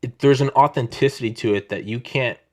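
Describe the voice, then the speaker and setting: Male podcast host, thirties, middle pitch, rambling and profane, own mic over video call. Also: brisk. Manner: rambling, profane, animated storytelling. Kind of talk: casual chat. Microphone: own microphone over video call.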